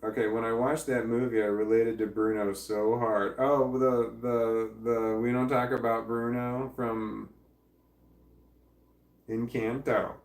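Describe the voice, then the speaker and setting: A man rambles through a casual livestream, reading viewer comments and swearing freely. His voice is gravelly and sits at a middling pitch. He sounds a little far from the mic, in a roomy space. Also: level tone, takes it slowly, a little mellow. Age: adult parent.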